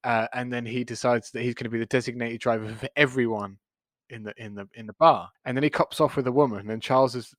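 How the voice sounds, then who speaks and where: A man's voice: mid-range voice, steady tone, fast, fairly bright tone, dry recording. Man recapping a sitcom, dry. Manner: rambling, many restarts, chuckles while retelling. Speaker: podcast co-host. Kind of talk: casual chat recapping a sitcom episode.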